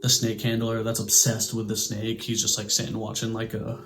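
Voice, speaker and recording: A man talks through a movie review in a loose, conversational way. He keeps slipping into quick impressions of the characters, and he swears casually as he goes. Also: fairly low pitch, slight background noise. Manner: animated, acts out characters' lines in quick impressions.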